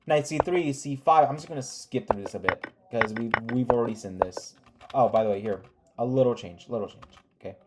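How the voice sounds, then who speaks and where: Chess recap host, mid-pitched, sarcastic, scolding, reads move lists fast. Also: background noise. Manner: sarcastic, scolding the players with rhetorical questions; calls out moves in rapid lists. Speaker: chess commentator. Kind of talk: chess game recap commentary.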